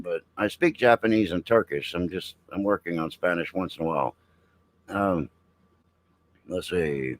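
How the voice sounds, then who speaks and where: A middle-aged man hosts a veteran's live stream in a low-pitched, expressive voice at normal speed, and the recording is rough. He reads headlines aloud, then riffs on them bluntly and jokingly while talking to chat.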